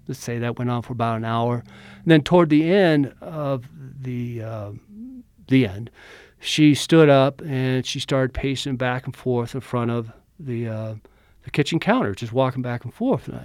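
A man's voice: mid-range voice, normal speed, a little mellow, dry recording. Man, middle-aged, casual storyteller, acts out quotes, dry close sound. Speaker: interviewee, former bodyguard.

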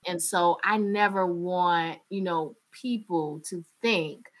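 A radio journalist from North Carolina, with a North Carolina Southern accent, talking candidly and animatedly in an interview, often laughing. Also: female voice, fairly low pitch, slow. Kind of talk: interview conversation.

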